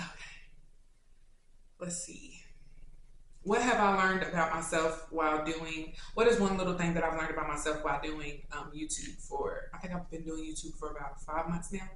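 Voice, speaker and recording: A woman with a Kentucky accent, answering viewer questions in a casual, animated, slangy chat. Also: lowish voice, moderate pace, a little hiss or hum. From Louisville, Kentucky. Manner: chatty and animated, with slangy asides. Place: indoors, sit-down video setup. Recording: very echoey room.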